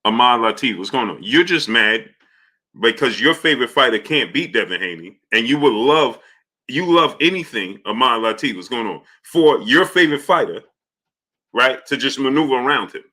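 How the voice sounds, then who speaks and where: A man's voice: mid-range voice, animated, moderate pace, sharp tone. A man hosting a live boxing stream, arguing his points and greeting chat viewers by name. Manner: argumentative, repeats points. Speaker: boxing show host.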